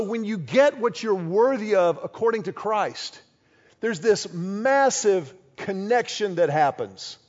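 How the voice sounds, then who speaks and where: A high-pitched male pastor delivers a sermon with a voice that swoops all over the place. He slips into little acted-out exchanges to make his points. The sound is a bit dull and lo-fi. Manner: animated, acts out little quoted exchanges.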